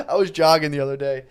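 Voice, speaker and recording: Rambling young man telling stories. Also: fairly high pitch. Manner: rambling, trailing off, drops to a mumble. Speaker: podcast co-host. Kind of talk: casual comedic storytelling.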